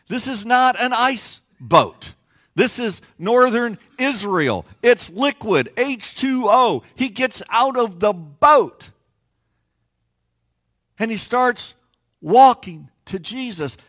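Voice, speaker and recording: A man's voice: very high voice, animated, slow pace, long pauses, a bit bright. A man preaching a sermon from a stage platform, telling a story with playful asides. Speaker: pastor.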